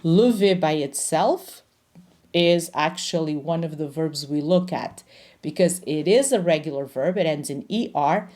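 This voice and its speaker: A woman teaching French grammar in English, explaining patiently and slowing down to pronounce each French example. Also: low voice, mellow. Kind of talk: grammar lesson.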